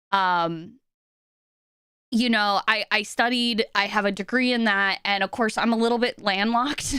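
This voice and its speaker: A young woman chats on her live stream, rambling and tripping over restarts as she fights back happy tears. Her voice sits high, bright and smooth, and she takes her time. The desk mic keeps it close and dry. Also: no echo. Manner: flustered, rambling, many fillers and restarts. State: emotional, near tears. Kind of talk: casual live-stream chat. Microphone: desk microphone.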